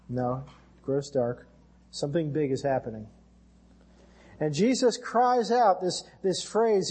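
Preaching with earnest conviction, this American man has a mellow, husky voice and speaks a little slowly. His pitch is somewhat high, lifting even more during scripture readings.

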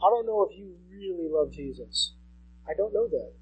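Man, pastor, sermon, high husky voice, chatty, repeats himself. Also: animated, moderate pace, lo-fi sound. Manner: conversational preaching, repeats key phrases. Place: church sanctuary.

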